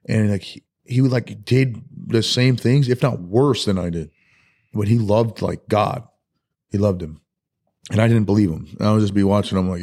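A man as a podcast guest, telling his life story in a loose, candid way, halting and full of "like" and "dude". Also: lowish voice. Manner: soft-spoken and candid. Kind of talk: personal life story in a casual podcast interview.

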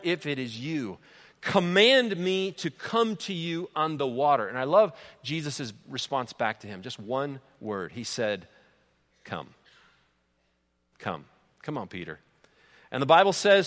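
A man preaching a sermon in a big church hall, his voice ringing out with a long reverb. His pitch sits a little high for a man, and he tells the story with animated energy, full of fillers and stumbling repeats. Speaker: pastor.

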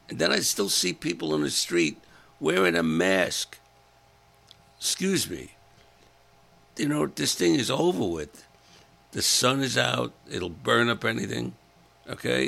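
An older man, a comedian telling crude, animated stories in a casual monologue and acting out the people in them. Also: lowish voice, vocal fry. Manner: animated storytelling, acts out other voices, blunt and crude. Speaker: comedian host.

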